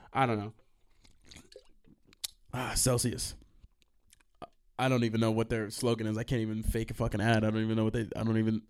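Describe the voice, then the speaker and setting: A young man hosting a solo podcast, telling stories in a profane, animated, easily sidetracked way. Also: medium pitch. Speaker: podcast host. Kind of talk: solo rambling storytime podcast.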